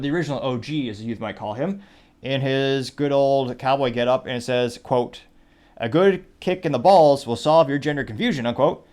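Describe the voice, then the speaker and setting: A man hosting a casual commentary show, wryly reading out posts and their like counts. His pitch sits in the everyday middle range for a man. He rambles through asides at a loose pace. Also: darkish tone. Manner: wry, rambling, reads quotes aloud with "quote, unquote". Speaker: show host.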